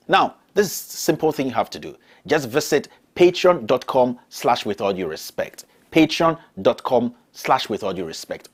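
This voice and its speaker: A man reads a scripted donation appeal, earnest and persuasive, and repeats his key points. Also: medium pitch. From Ghana. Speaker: host making a donation appeal.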